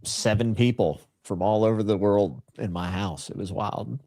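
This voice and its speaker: This is a man on a casual livestream, teasing and giggly, full of enthusiasm. His voice sits on the low side. The sound is dry and close, with no room echo. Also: moderate pace, mellow.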